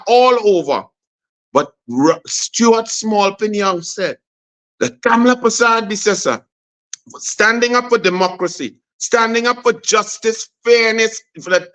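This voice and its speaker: Man, Trinidadian accent, high voice, fiery political speech, emphatic repetitive lists. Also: fairly bright tone. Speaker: senator.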